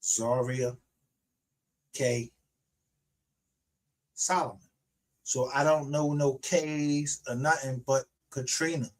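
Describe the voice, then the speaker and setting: A man's voice: medium pitch, steady tone, slow, pauses often. A man ranting aggressively on a livestream, confrontational and full of profanity. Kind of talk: angry livestream rant.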